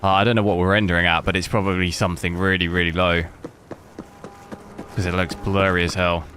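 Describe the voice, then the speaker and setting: A man's voice: low voice, little pitch movement, fairly quick, pushed and bright. A man streaming a game, chatting casually and rambling through his commentary, with noisy stream audio. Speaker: gaming streamer.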